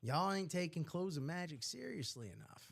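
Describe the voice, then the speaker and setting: A man hosting a live sports memorabilia break stream, chatting casually with slangy, animated asides. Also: high-pitched, normal speed, gravelly.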